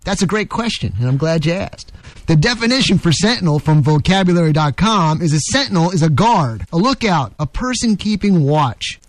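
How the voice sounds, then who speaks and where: A man hosting a talk radio show, delivering a forceful, preachy opinion monologue and often calling out to his listeners. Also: sits high, no echo. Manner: forceful, preachy, repeats "ladies and gentlemen". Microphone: studio microphone.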